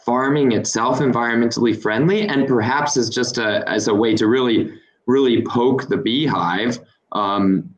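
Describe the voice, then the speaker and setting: Man, panel moderator, measured questions, hesitant fillers. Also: medium pitch, poor audio.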